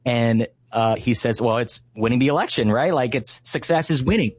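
An earnest man in his thirties from Hawaii speaks as an interview guest, passionate and full of fillers as he tells his story. His voice sits at an ordinary pitch, and the recording is close and dry with no room sound. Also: a little fast, no echo. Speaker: guest, Christian activist.

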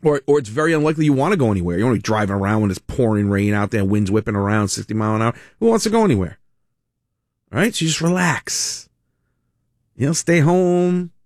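A man's voice: fairly high pitch, dry recording, studio quality. A man hosting a talk radio show in a casual, chatty monologue, laughing as he talks. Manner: chatty, animated, laughs often. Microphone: studio mic.

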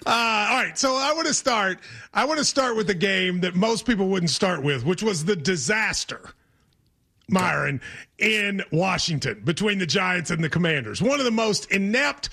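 A man with a Kentucky accent hosting a casual sports talk show, animated and quick to laugh. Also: high voice, creaky, husky.

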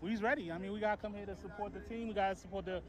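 A man's voice: sits high, fairly even intonation, very fast. A man, a football fan at a tailgate in a stadium car park, proud and laid-back as he shows off his setup. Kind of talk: casual interview. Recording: busy outdoor crowd behind.

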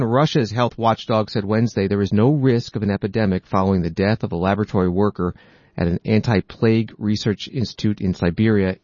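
A man hosting a news program, reading reports and quotes in a steady, matter-of-fact way. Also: on the low side, no room sound, dull audio. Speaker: news podcast host.

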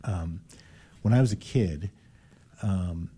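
A man in his sixties hosting a casual interview, speaking hesitantly with many pauses and restarts. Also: low voice, mellow, husky. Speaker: host.

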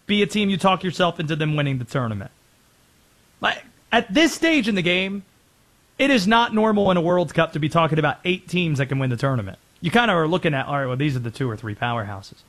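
A man with a high, light voice hosts a sports talk show. He delivers brisk, opinionated commentary, rattling through players and teams in a quick list. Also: fairly bright tone.

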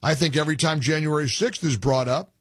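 A male talk radio host with a husky, somewhat high voice, recorded dry and close. He talks in a combative, sarcastic way, firing off questions and jabs at opponents. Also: brisk, dry recording. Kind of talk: opinionated call-in talk radio.

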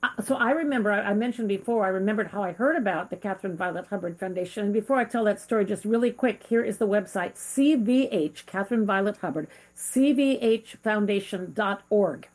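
Middle-aged woman, interview host, earnest, heartfelt, conversational, mid-pitched. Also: brisk, hardly any pauses, darkish tone. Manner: earnest, heartfelt, with frequent fillers.

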